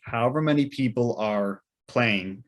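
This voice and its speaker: A man's voice: medium pitch, a little slow. A young man, a podcast co-host, telling a rambling weekend story in casual chat with lots of fillers and restarts.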